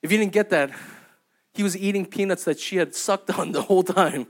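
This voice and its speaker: This young pastor's voice sits high and moves fairly quickly. Telling stories as he preaches, he keeps asking "right?" and "okay?" and performs the quoted voices in his anecdotes.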